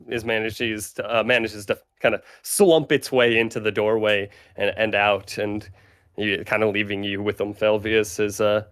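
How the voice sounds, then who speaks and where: A man narrating as game master of a tabletop game in a relaxed, rambling way. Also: fairly low pitch, clean tone.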